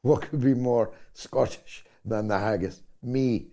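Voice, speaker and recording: A man hosting a talk show, speaking deliberately and sardonically with drawn-out pauses. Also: lowish voice, lively intonation, warm tone.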